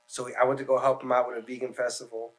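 A man's voice: medium pitch, little pitch movement, fast. A man on a podcast telling long, rambling, profane stories in casual chat.

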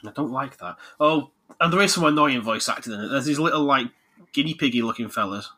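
A man's voice: mid-range voice, fast talker, noisy background. A man who hosts a podcast, talking casually and joking a lot as he reviews video games. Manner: animated, jokey, laughs a lot. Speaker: podcast host, game reviewer. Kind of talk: casual chat.

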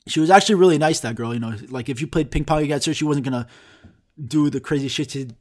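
A man's voice: fairly high pitch, quick pace, darkish tone. A young man telling a rambling, profane comic story in casual chat, throwing in sound effects.

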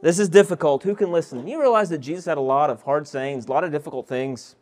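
A man's voice: a little high, quick pace, a little mellow. A male pastor preaching an expository sermon, reading scripture verses aloud and asking the listeners rhetorical questions.

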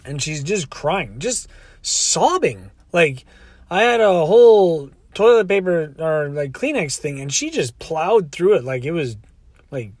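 A man's voice: a little high, dry recording. A man telling a rambling story in a casual way, acting out the quotes.

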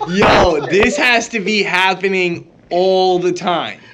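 A man with a somewhat high voice co-hosts a casual podcast. He tells stories in an animated way and swears a lot. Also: takes it slowly, very noisy. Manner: profane, animated storytelling. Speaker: podcast co-host.

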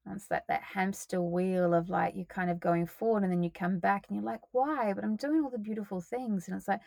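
A woman hosting her own podcast, talking solo in a loose, expressive way, swearing freely and sighing between thoughts. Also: medium pitch, no room sound. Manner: expressive, swears freely, breathy sighs and laughs. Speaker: podcast host. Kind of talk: casual solo podcast monologue.

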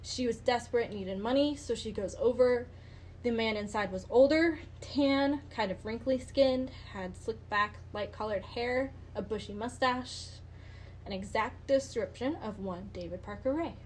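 A woman's voice: on the high side, normal speed, darkish tone, a little hiss or hum, poor audio. Chatty woman host telling a true-crime story. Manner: chatty, swears, frequent "like" and "um". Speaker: podcast host.

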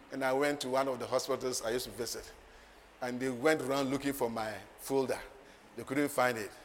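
A man preaching a sermon, moving from quiet asides to loud, laughing declarations. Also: mid-range voice. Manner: emphatic, swings from soft asides to loud declarations, laughs often. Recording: long hall reverb, faint ambient noise.

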